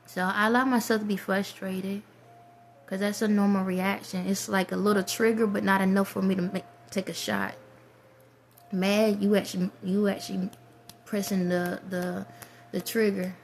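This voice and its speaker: Soft-spoken reflective woman vlogger. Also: medium pitch, steady tone, normal speed, soft background music. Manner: reflective, rambling, soft-spoken, trails off into whispers. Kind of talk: casual spiritual monologue.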